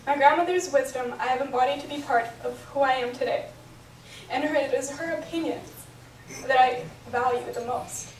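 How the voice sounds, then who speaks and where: At a moderate pace, a young woman with a high-pitched voice reads her prepared bat mitzvah speech from notes, earnest and emotional throughout. She's picked up from far off in an echoey hotel function room, along with a little hiss or hum.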